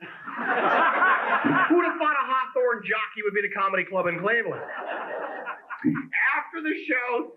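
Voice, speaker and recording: A man's voice: high voice, narrow, tinny audio, slight background noise. A man from Pennsylvania performing a stand-up comedy set in a club, teasing the crowd with a conversational, punchy delivery. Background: audience laughter.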